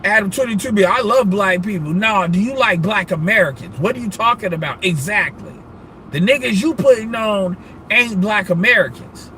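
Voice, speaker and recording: Male streamer, bright ringing tone, loose profane rant delivery. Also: sits high, moderate pace, a little hiss or hum. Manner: animated, profane, rambling, laughs often. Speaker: livestreamer. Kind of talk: casual live-stream rant.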